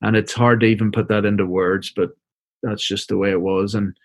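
A middle-aged man with a fairly low voice speaks softly as a guest on an interview show. He tells a personal story in a reflective, halting manner and often repeats words as he gathers himself. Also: steady tone, no echo. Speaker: interview guest, seminary professor and minister.

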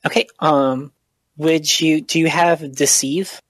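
This is a game master narrating a tabletop role-playing session at an ordinary middle pitch, often pausing on ums and restarting lines. The sound is close and completely dry. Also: steady tone, husky, no echo. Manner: hesitant, many ums and restarts.

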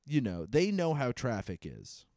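A male comedian telling crude stories in a loose, joking podcast chat, his pitch bouncing up and down as he goes. His voice sits at an ordinary middle pitch and is recorded close and dry, with no room sound behind it. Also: measured pace, no echo. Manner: animated, profane storytelling. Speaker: stand-up comedian and podcast co-host.

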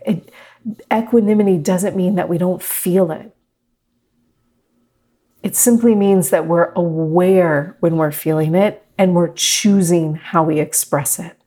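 A middle-aged woman teaching a meditation class, talking gently and reflectively to her students. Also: fairly low pitch, steady tone, a little slow. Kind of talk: guided meditation talk.

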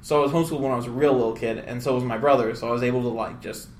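A man co-hosting a podcast in casual chat, jokey and quick to laugh, going off on tangents. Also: mid-range voice, steady tone, darkish tone. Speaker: podcast co-host. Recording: echoey room with faint hum.

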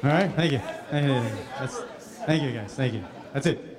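A man's voice: medium pitch, normal speed, a crowd in the background. A male voice actor telling stories at a convention Q&A, laughing often. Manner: laughing, animated storytelling. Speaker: voice actor guest at a convention panel. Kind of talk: casual convention Q&A.

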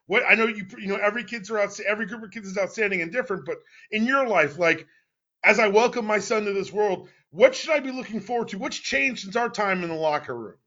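Male podcast host, thirties, high and bright voice, playful teasing banter, dull lo-fi sound. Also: fast. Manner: playful, mock-indignant and joking. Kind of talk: casual sports podcast chat.

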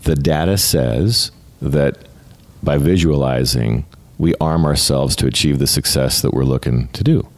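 Very deep-voiced middle-aged American man. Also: unhurried, a little mellow. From United States. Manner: earnest, repeats words when starting a thought. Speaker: guest, retired fighter pilot. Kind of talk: casual interview talk.

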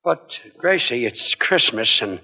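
Deadpan put-upon husband. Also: male voice, medium pitch, takes it slowly, vocal fry, full character voice. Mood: meek. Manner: deadpan, mild comebacks. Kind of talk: 1940s radio comedy acting. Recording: dull old radio broadcast with hiss.

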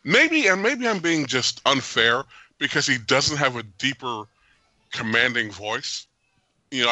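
A man hosting a podcast, giving an animated, jokey and opinionated movie review with frequent laughs. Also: medium pitch, measured pace, dry recording. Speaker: podcast host. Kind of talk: casual movie review chat.

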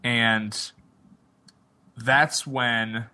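Bright-voiced man recapping animatedly. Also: medium pitch, extremely slow. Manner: animated, incredulous, quotes characters mockingly. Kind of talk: casual discussion of a TV episode.

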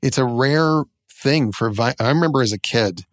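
A man's voice: medium pitch, no echo. Man, middle-aged, podcast co-host, wry, casual chat, dry close mic. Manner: wry, joking, speeds up and slows down.

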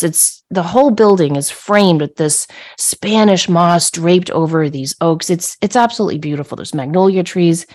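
A middle-aged woman hosting a podcast tells a personal story conversationally, animated and laughing as she acts out her own yelling. Her voice is on the low side.

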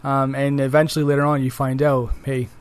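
A man's voice: medium pitch, flat delivery, fairly quick. A man co-hosting a casual podcast, speaking eagerly about games and repeating words as he thinks. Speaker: podcast co-host. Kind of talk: casual game discussion.

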